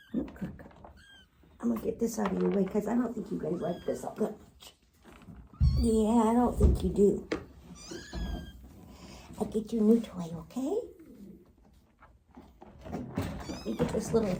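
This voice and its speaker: A woman filming her kittens at home, talking to them in soft, soothing baby talk. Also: mid-range voice, expressive, unhurried, vocal fry, pauses often, noisy background. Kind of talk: casual home video, talking to pets.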